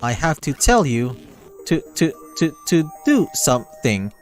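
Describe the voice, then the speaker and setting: Halting robotic AI pleading for help, a man putting it on, slow delivery, visual novel reading. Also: a little high, big pitch swings, faint music behind. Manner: halting, stuttering repeats. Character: frightened glitching AI program, pleading and gentle.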